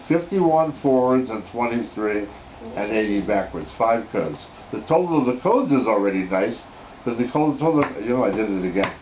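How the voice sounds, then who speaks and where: A man in a home setting walks through Torah code numbers in an informal lesson. His pitch sits in the middle of a man's range, and he speaks with eager enthusiasm, thinking aloud and stopping to correct his own slips. The recording is a little muffled and dull, with a faint hiss underneath.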